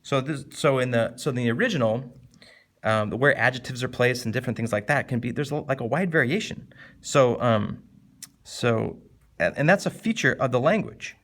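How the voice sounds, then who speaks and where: A man teaching a casual, animated literature lesson, jumping up in pitch to stress points and slowing down to read poem lines. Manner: animated, conversational, with sudden lifts in pitch for emphasis; reads poem lines slowly and deliberately.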